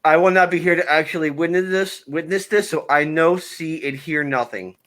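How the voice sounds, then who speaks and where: A man's voice: on the high side, normal speed, fairly bright tone. A man co-hosting a casual livestream, laid-back, with the odd curse. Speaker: livestream co-host.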